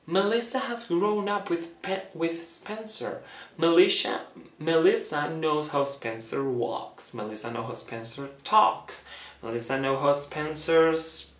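Slow, chatty man in an echoey room. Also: a bit bright. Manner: chatty, dramatic, acts out quotes in a high voice. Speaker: fan theory vlogger. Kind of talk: casual fan theory talk.

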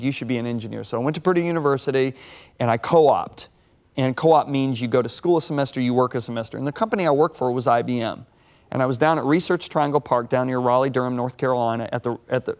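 A man in his sixties, a guest on a TV talk show, telling stories in a lively sermon-like way with big swings of voice. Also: medium pitch. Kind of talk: animated storytelling sermon-talk.

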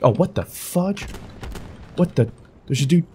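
A young man giving playful, jokey commentary over his own gameplay, trash-talking and yelling with sudden bursts of excitement. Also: on the high side, unhurried, a little hiss or hum. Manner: playful, jokey trash talk, animated outbursts. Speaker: gaming YouTuber. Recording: game audio with gunfire and music behind.

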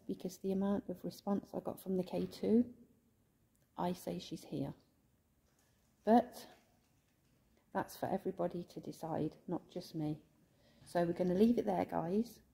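A woman talks through a ghost-hunting vlog inside a church, calling out in a coaxing, pleading way. Her voice is warm and mellow, and she sounds emotional. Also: on the low side, creaky, slightly rough. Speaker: ghost hunter vlogger.

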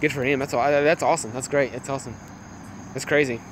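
A young man casually chatting with viewers on a livestream while playing a phone game, excitable and laughing often. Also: medium pitch, fast talker, a little hiss or hum. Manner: excitable, laughs a lot, greets chat viewers. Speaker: livestream gamer.

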